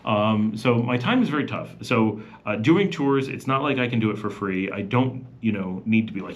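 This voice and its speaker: Man, middle-aged, lowish voice, casual live-stream chat, rambling, filler-heavy. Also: moderate pace, hardly any pauses. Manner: rambling, with many fillers and restarts. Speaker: vlogger hosting a live Q&A.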